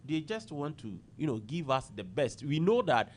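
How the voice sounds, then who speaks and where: Insistent man with a lively voice. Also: on the high side, moderate pace. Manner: insistent, repeats words, lively emphasis. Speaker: government-side radio guest. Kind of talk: defensive political talk.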